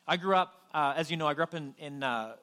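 A man's voice: a little high, fast talker, bright, forceful tone, smooth. A young adult man from New Brunswick, Canada, preaching as pastor in a conversational, self-deprecating way with frequent restarts. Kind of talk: sermon.

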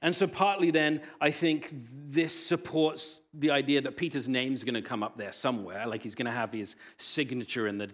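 Animated male pastor preaching. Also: mid-range voice. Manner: animated storytelling with wide swings in loudness. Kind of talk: sermon.

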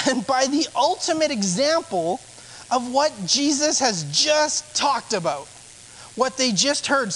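A man's voice: very high-pitched, bright, forceful tone, slight background noise, poor audio. Man preaching a conversational sermon. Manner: conversational preaching with rhetorical questions. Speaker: pastor.

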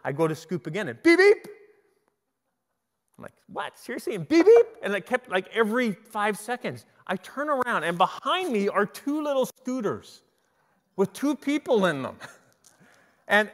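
A middle-aged man preaching a sermon, telling stories in an animated way and often restarting his sentences. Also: sits high, normal speed. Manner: animated storytelling with repeated restarts. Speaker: pastor. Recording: long hall reverb.

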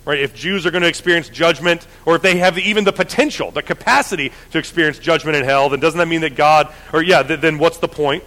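A man preaching a sermon, telling the story in a lively, conversational way with frequent restarts. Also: fairly high pitch, fast, few pauses, long reverb tail.

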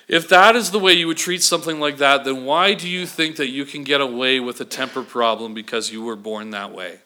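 A man preaches with a slightly high, bright and forceful voice. This pastor keeps the sermon conversational, checking in with the congregation through frequent "okay?"s.

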